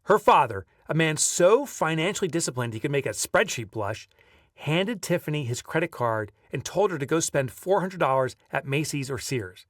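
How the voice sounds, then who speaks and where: A man reading his own audiobook aloud, lively as a storyteller and breaking off now and then for casual asides. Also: a little high, normal speed, no echo, clean studio sound, recorded from a distance. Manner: lively storyteller who breaks off to chat offhand. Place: video recording setup.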